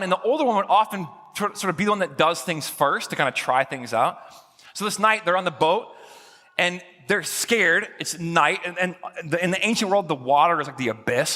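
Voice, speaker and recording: Lively pastor preaching in a reverberant church. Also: male voice, fairly high pitch. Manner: lively, casual storytelling, acting out quoted voices. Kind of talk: sermon. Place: church sanctuary.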